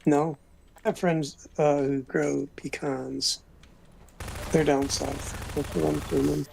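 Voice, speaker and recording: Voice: mid-range voice, flat delivery, takes it slowly, creaky, darkish tone, a little hiss or hum. A player chatting casually over voice chat during a game, rambling in offhand asides. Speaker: gamer. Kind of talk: casual chat while gaming.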